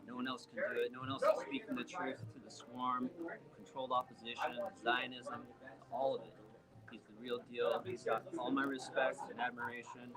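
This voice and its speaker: A man's voice: mid-range voice, level tone, brisk, over a noisy crowd, poor audio. A man speaking fervently and admiringly as a volunteer at a birthday party. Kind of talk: casual chat. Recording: crowded party noise.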